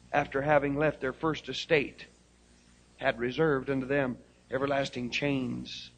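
A man preaching a fervent sermon, rising to loud hallelujahs. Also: fairly high pitch, husky, poor audio. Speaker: pastor. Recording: old 1970s live sermon tape.

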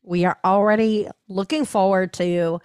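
A chatty woman co-hosting a podcast, talking at an unhurried pace. Her voice is close and dry, with no room sound, and she laughs easily as she runs through the news. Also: medium pitch, fairly even intonation, a little mellow, smooth, dry recording. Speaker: podcast co-host. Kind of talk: casual chat.

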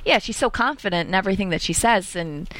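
Animated woman in casual podcast chat. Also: medium pitch, fast, dry recording. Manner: animated, leads the topics, laughs often. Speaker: podcast co-host.

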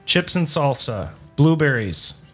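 Bright-voiced man hosting a podcast. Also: a little high, very animated, takes it slowly, faint music behind. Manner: playful, reads options in a list. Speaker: podcast co-host. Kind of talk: casual chat, reading out a quiz.

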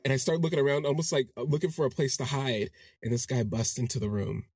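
A man with a husky, mid-pitched voice tells a long personal story on his podcast. He talks casually and jumps up high to act out the people he quotes. The sound is dry and close. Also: steady tone, fast, darkish tone, no echo. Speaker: podcast host.

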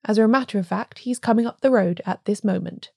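A woman reading the lines of a small, mild male priest who speaks quietly in a plain, colourless voice. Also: mid-range voice, brisk, creaky, dry recording, studio quality.

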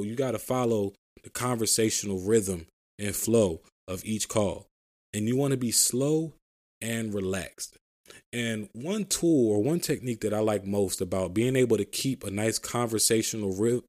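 A man's voice: on the low side, a little mellow. A man hosting a podcast, casually explaining sales calls, often asking "right?" and acting out sample phone lines. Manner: conversational, says "right?" often. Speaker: podcast host giving sales advice. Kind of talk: casual solo podcast talk.

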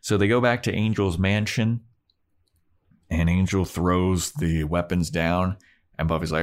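A man co-hosting a podcast, casually recapping an episode and briefly acting out the characters' lines as he goes. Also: deep voice. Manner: relaxed storytelling, acting out characters in quick impressions. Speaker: podcast co-host.

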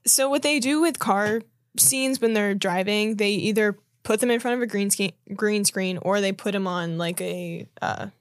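A woman co-hosting a casual podcast, relaxed and chatty, explaining as she goes. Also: medium pitch, moderate pace, no room sound, studio quality. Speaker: podcast co-host. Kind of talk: casual chat.

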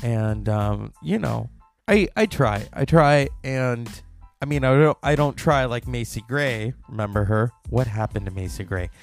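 A man's voice: medium pitch, measured pace, vocal fry, faint music behind. A man hosting a casual solo podcast, rambling and gossipy, recorded close to the mic at home. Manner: rambling, gossipy, puts on mocking voices for quotes. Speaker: podcast host. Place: indoors at home. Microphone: mic close to the mouth.

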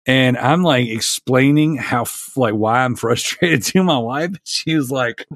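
A man's voice: mid-range voice, measured pace, fairly bright tone, no echo, studio quality. A man in his thirties telling a long, exasperated story in a casual podcast chat. He rambles and restarts his sentences often. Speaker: podcast panelist.

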